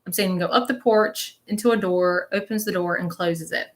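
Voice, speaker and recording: A woman's voice: lowish voice, fairly even intonation, normal speed. A woman leading a live-stream reading as a spiritual medium, chatty and reassuring, often checking in with her viewers.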